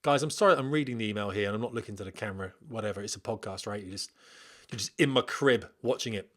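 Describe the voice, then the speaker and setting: A man's voice: on the low side, fast talker. A middle-aged man, hosting a podcast from home, chatting casually and reading a listener's email with rambling digressions. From Britain. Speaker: podcast host, former military pilot.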